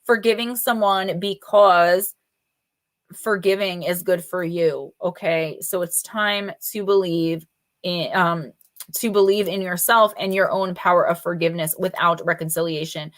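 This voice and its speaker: A woman's voice: lowish voice, steady tone, a little slow. A woman hosting a live oracle card reading stream, talking casually and informally and calling out viewers by name. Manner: chatty and informal, with loose fillers and mild swearing.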